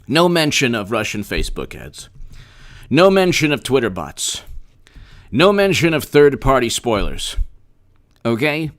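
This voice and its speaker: A man hosting a casual political commentary livestream, animated and repetitive, often restarting his sentences and speaking straight to viewers. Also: mid-range voice, moderate pace. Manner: animated, repetitive, mock-quoting opponents, frequent restarts.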